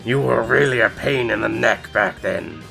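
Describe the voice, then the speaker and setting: A man voicing a menacing male evil lord who talks slowly and mockingly. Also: lowish voice, animated, gravelly, pushed and bright, soft background music, exaggerated voice. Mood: taunting. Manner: sneering, slow and mocking.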